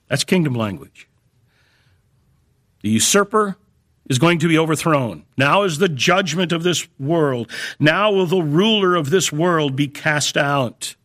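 A man preaching a sermon in a measured way, slowing down and lifting his voice to stress key phrases. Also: mid-range voice, fairly bright tone.

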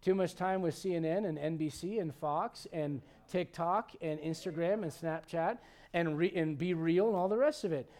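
A man with a high, light voice preaches in an animated, chatty way. He jumps between scripture and everyday asides, often restarting his sentences as he goes. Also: moderate pace. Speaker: pastor. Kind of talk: sermon.

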